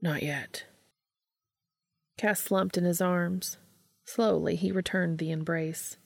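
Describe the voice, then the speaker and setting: Low, gravelly woman reading a story. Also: fairly even intonation, a little slow, no echo, studio quality. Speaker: narrator.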